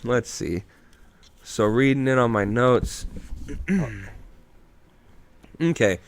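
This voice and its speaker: A man's voice: mid-range voice, expressive, takes it slowly, smooth. A tipsy man hosting a podcast, rambling through a movie recap in casual chat and swearing freely. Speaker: podcast host.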